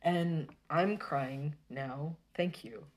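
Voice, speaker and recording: A woman talking casually to her viewers in a rambling, exasperated rant full of halting restarts. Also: low voice, darkish tone.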